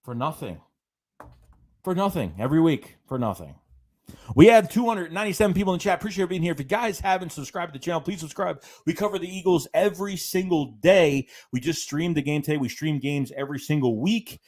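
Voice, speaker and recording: A man's voice: fairly high pitch, fast talker, a little mellow. A man hosting a live-stream fan show, ranting in a rambling way, repeating himself and reading out viewer chats. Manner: rambling, repeats phrases, many fillers; reads viewer chats aloud between rants. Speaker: fan channel host. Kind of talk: live-stream sports rant.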